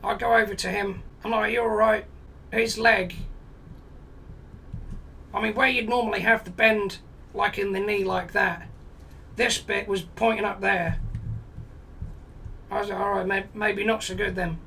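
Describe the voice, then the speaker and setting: A man's voice: high-pitched, fairly even intonation, a little slow, creaky, pauses often, bright, forceful tone, recorded from a distance, a little hiss or hum, rough recording. A man in his forties telling a blunt, sweary comic anecdote, exasperated and full of quoted dialogue. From England. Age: 40s. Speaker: comedy storyteller. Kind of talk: comic storytelling monologue.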